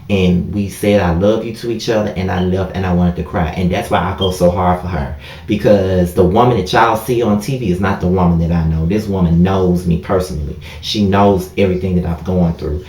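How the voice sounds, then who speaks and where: A man's voice: sits low, fairly even intonation, a little fast, a little mellow. A man telling a heartfelt story in a casual storytime vlog, talking straight to his viewers and often saying "y'all" and "you know what I mean.". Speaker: vlogger. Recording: echoey room.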